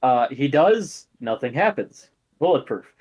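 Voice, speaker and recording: A male game master calls rolls and narrates a superhero tabletop game. He talks casually with lots of fillers, and his pitch moves around a lot. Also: sing-song, a little slow, darkish tone, husky, lo-fi sound.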